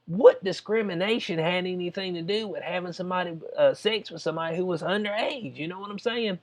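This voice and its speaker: A man's voice: high voice, brisk. A man with a Southern US accent talking loosely over a news story, reading bits aloud and peppering his talk with "you know what I'm saying.". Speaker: vlogger commenting on news.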